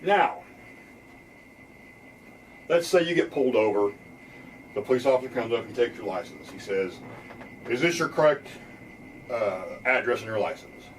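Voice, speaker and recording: Plain-spoken American lawyer explaining rights. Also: male voice, mid-range voice, lively intonation, moderate pace, long pauses, far from the mic, slight background noise, poor audio. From United States. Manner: plain-spoken, acts out police lines with a laugh. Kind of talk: explaining legal rights to viewers.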